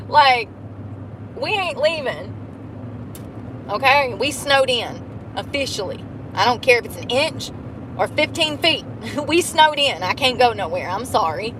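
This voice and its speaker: A woman's voice: high-pitched, expressive, unhurried, pauses often, a bit bright, slight background noise, poor audio. A woman chatting casually while driving, profane and laughing often. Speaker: vlogger. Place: car.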